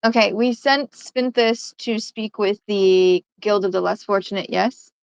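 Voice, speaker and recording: A woman's voice: medium pitch, unhurried, creaky, smooth, dry recording. A woman playing in a tabletop game, describing her moves hesitantly with many fillers. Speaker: player. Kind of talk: casual tabletop play. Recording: slightly muffled home mic.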